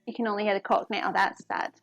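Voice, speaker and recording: A gravelly, medium-pitched woman's voice carries this casual live cooking chat. She's a streamer talking to viewers as she cooks in her home kitchen, and there's no room sound.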